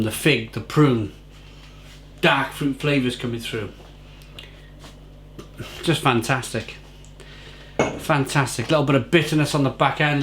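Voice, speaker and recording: A man's voice: mid-range voice, a bit bright, a little hiss or hum. A man reviewing a beer to camera, effusive and rambling, repeating words for emphasis.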